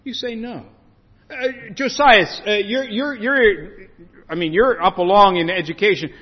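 Man preaching in a church hall; animated, acts out the story, muffled reverberant recording. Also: high-pitched, a little slow. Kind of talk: sermon.

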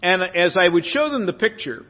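A man preaching a sermon as a pastor, with lively rises and falls, who slows down when he reads scripture. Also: high voice. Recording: dull reverberant hall sound.

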